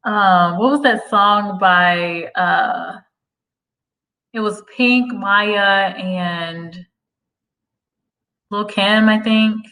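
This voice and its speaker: A woman's voice: medium pitch, very slow, long pauses, sharp tone, rough recording. Give me a chatty young woman from the US hosting a live stream and talking back to viewer comments. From United States. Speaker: livestream host. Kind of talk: casual livestream chat.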